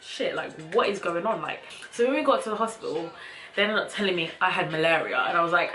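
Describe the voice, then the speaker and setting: A young woman vlogger casually telling a personal story to camera in a chatty, animated way, with slang. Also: on the low side, fast, low-quality recording.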